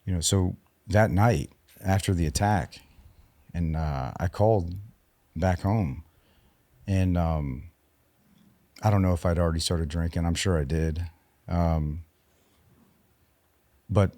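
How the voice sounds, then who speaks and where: A man in his forties, a podcast guest and military veteran, telling his personal story in a halting, subdued way, with frequent restarts. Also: low-pitched, warm tone, dry recording.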